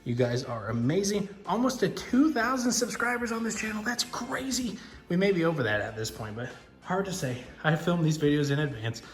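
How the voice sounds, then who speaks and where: A man hosting diecast car races, giving excited sports-style race commentary and calls. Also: sits high, moderate pace. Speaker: diecast racing host. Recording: echoey room with music.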